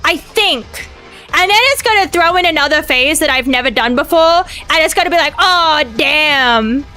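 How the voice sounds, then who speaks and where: High, bright-voiced frantic woman streamer. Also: fairly quick, faint music behind. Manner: frantic, swearing, talks herself through the game. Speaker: VTuber streamer. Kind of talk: live gameplay commentary.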